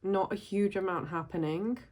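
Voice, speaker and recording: A woman's voice: mid-range voice, normal speed, a little mellow. A woman in her late thirties, a writer and vlogger, reading aloud from her old writing and commenting on it, often breaking into amused laughter. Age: late 30s.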